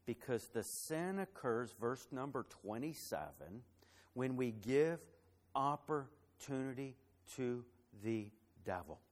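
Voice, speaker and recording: A man preaching a sermon as pastor, building to loud emphatic phrases and dropping soft for a personal story, with some fillers and repeated words. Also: medium pitch, very animated, slow pace.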